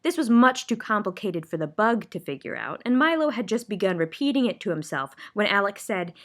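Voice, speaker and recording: A woman at a library reading a children's book aloud in an expressive way. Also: medium pitch, brisk. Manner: expressive, animated read-aloud. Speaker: library storyteller.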